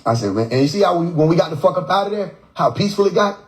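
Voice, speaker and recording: A man's voice: sits high, expressive, rapid-fire, poor audio. A man hosting a casual phone livestream, joking and swearing as he mimics how people pronounce words. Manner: profane, joking, repeats words to mimic tones. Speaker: livestream host.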